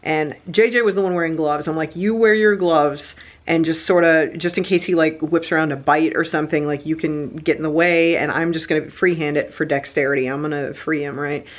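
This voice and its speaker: A woman vlogger telling a personal story in a chatty, animated way, full of fillers and quoted back-and-forth. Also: deep voice, brisk, hardly any pauses. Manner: chatty, animated, lots of fillers like "like" and "you know". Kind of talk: casual storytelling vlog.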